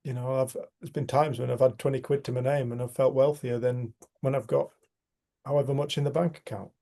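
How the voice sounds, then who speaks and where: A man's voice: medium pitch, fairly even intonation, brisk, gravelly, dark tone. A man leading a casual community group discussion, talking in an earnest, emphatic way. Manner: earnest, emphatic, swears mildly.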